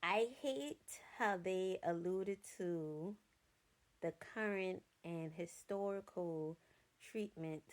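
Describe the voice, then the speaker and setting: A woman's voice: lowish voice, slow pace. A young adult woman giving a casual, blunt and profane film review from her notes, sounding exasperated.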